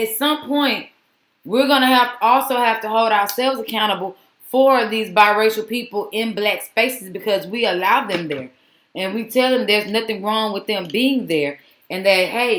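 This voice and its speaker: A woman's voice: mid-range voice, unhurried, a bit bright, echoey room. A woman vlogger giving casual, exasperated commentary that rambles with many restarts.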